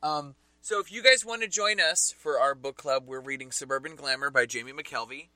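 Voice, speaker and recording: New Jersey man, bright and forceful, casual co-host, dry close sound. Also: medium pitch, a little fast, no room sound, rough recording. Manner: chatty, laughs often. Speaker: podcast co-host and comic shop owner. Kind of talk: casual chat.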